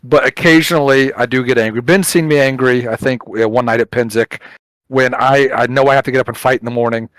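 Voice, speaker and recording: A middle-aged man co-hosting a chat show, telling an animated story, acting out quotes and swearing casually. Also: mid-range voice, fast talker, dry recording, rough recording. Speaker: podcast co-host.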